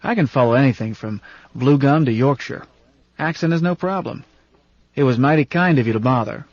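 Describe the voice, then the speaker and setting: A gruff, irritable ancient man with a raspy, salty, grumbling delivery, as an audiobook reader puts him on. He is pitched a little higher and louder than the reader's own voice. The recording is dull and dry. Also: a little fast, dry recording, natural voice. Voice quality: rasp. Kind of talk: audiobook character reading.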